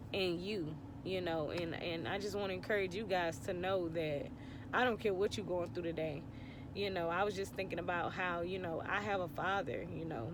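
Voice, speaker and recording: A woman's voice: fairly low pitch, noisy background. A woman in her thirties, teary and heartfelt, giving a rambling faith testimony to her viewers from her car. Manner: heartfelt, tearful, rambling with many fillers. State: teary, on the verge of crying. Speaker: vlogger.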